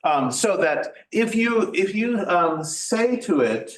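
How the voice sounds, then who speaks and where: A man giving a workshop talk in an informal lecture style, halting often with fillers and restarts. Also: sits high, very animated, slight background noise. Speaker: workshop presenter. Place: church meeting room. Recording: echoey room, mic at a distance.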